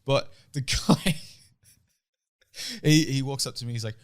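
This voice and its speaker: At a measured pace and medium pitch, a young podcast co-host spins crude, animated tales full of swearing. The conversation is a casual chat.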